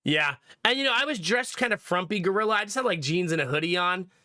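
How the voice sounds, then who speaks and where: A man's voice: high voice, animated, fast, bright, forceful tone, dry recording, studio quality. A man with a cold, telling a story to his stream chat in a casual, laughing way. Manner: chatty storytelling, laughs often, acts out quotes. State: has a cold.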